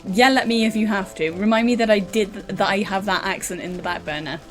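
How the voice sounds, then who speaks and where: A British woman chatting casually while she plays a game on stream. She jokes around and rambles playfully at a mid pitch. Her talk is loose and unscripted. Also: brisk, soft background music. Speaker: VTuber streamer. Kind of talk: casual gameplay commentary.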